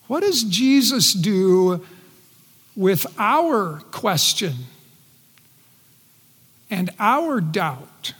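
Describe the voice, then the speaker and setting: A man preaching a sermon in earnest, his voice dropping soft and quiet when he speaks quoted words. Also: sits high, big pitch swings, extremely slow, pauses often, husky. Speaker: pastor. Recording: long reverb in a large hall.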